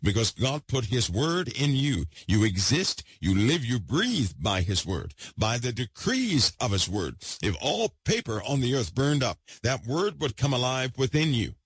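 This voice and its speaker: Husky, excitable male preacher. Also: mid-range voice, measured pace, hardly any pauses, no room sound. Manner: excitable, swings loud and then hushed, repeats himself for emphasis. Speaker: podcast host preaching. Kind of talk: impassioned preaching.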